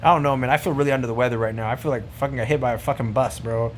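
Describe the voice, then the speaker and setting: A man's voice: mid-range voice, fairly even intonation, racing, a little hiss or hum. A man ranting casually to camera, rambling and profane, full of slang and fillers. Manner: rambling, profane, slangy, says bro a lot. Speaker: vlogger.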